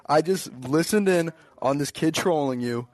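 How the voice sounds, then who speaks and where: A man's voice: a little high, moderate pace, a little mellow. A man from the US East Coast calling in to troll a live show, drawling and saying bro constantly. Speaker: caller. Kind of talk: trolling call-in chat.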